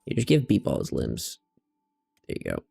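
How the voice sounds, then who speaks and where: A man's voice: a bass voice, huge pitch swings, moderate pace, creaky, mellow, slightly rough, soft background music. A man streaming a game, chatting playfully through casual let's-play commentary and stopping to talk to his pet cat.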